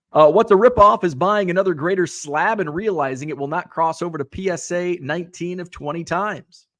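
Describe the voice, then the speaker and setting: A man's voice: high-pitched, normal speed, a bit bright. Chatty man rambling through a live stream. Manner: rambling, reads viewer comments aloud with fillers. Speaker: livestream host reading chat. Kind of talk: casual livestream chat.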